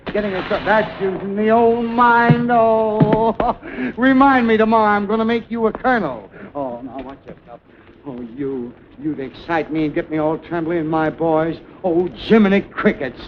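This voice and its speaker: An actor playing a fussy, excitable man who commands a comic firing squad, flustered and giggly, with wild swings in pitch, in a 1920s film comedy sketch on a muffled 1929 soundtrack. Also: background noise, lightly acted.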